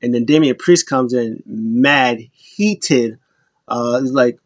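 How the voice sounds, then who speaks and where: A man's voice: mid-range voice, slow pace, no echo, muffled recording. A man giving a casual, rambling wrestling recap and acting out what people said. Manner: loose, rambling retelling that acts out quotes.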